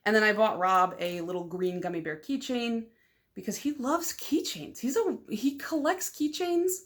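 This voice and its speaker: A young woman from Michigan chatting casually in a nail polish vlog. She rambles with lots of "like" fillers, is excitable and loud, and laughs often. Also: mid-range voice, moderate pace.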